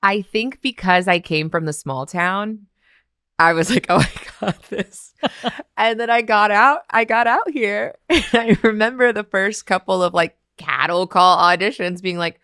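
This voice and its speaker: A woman's voice: mid-range voice, unhurried, clean tone, no echo, clean studio sound. A woman from Canada, a guest in casual chat, telling stories with frequent laughter and acting out the people she quotes. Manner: laughs often, animated storytelling, acts out quoted voices.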